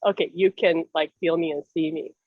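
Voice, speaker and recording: A woman's voice: sits low, fairly even intonation, brisk, no echo, phone-quality sound. A woman hosting a casual chat about spirit contact, telling stories animatedly and laughing often. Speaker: host, spiritual medium. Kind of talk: casual video-call chat.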